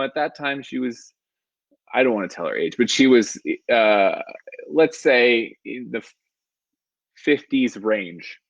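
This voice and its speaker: A man in his thirties live streams from his home kitchen, telling personal stories in a casual, self-deprecating way. His lowish, creaky voice comes through a phone or webcam, sounding dull with no room sound.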